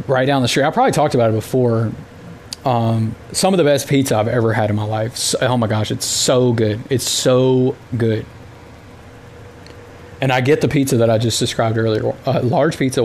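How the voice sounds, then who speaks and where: A man's voice: medium pitch, darkish tone, a little hiss or hum. Rambling, exasperated American male podcaster. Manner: rambling, exasperated storytelling with filler words. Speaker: podcast host. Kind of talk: casual solo podcast monologue.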